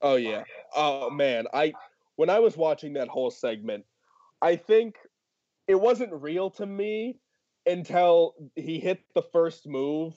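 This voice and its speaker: A man co-hosting a casual podcast, excitable and swearing. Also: on the high side, slow, no echo. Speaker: podcast co-host. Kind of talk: casual wrestling podcast chat. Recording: dry, dull lo-fi audio.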